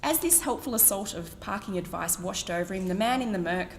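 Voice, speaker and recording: A middle-aged Australian woman reads her blog aloud at a book event in an animated, fairly quick mid-range voice. She pokes fun at herself wryly and laughs between phrases, and the hall gives long reverb over slight background noise.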